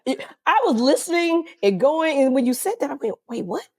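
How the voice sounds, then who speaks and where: A woman's voice: sits high, lively intonation, fairly quick. A woman co-hosting a podcast in casual chat, playful and full of questions. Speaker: podcast co-host.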